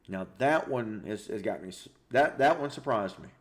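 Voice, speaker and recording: A man hosting a live high school football show, reading scores and viewer comments in a casual, animated way. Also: moderate pace, few pauses. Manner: chatty and animated, reacting aloud with stunned exclamations and repeated words.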